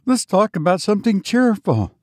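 A man's voice: high-pitched, very animated, normal speed, no echo, studio quality, voice pushed up. A man voicing a timid, frightened old male servant who stammers and pleads. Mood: fearful.

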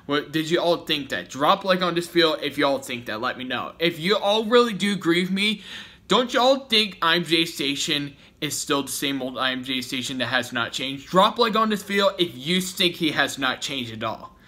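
Sharp-voiced man ranting on a vlog. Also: a little high, lively intonation, normal speed. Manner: rambling, repetitive, confrontational. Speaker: YouTuber.

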